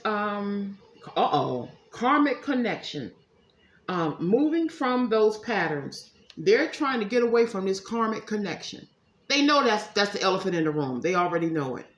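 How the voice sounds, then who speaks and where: A woman giving a casual tarot reading to her viewers, chatty and emphatic, calling them y'all. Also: mid-range voice. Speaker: psychic tarot reader. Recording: echoey room, faint ambience.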